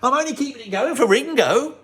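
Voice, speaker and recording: A man doing a fretful, high-voiced bandleader. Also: expressive, quick pace, fairly bright tone. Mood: panicky. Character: fretful young male bandleader, pleading.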